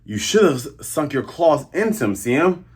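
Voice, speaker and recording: A man voicing a cocky male cat-man brawler, muttering low and offhand, as he retells a manga scene. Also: sing-song, normal speed, husky.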